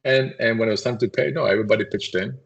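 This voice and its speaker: A man, a company CEO, telling anecdotes in a casual, animated podcast conversation and acting out voices as he goes. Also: mid-range voice, rapid-fire, gravelly, lo-fi sound. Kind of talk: casual storytelling.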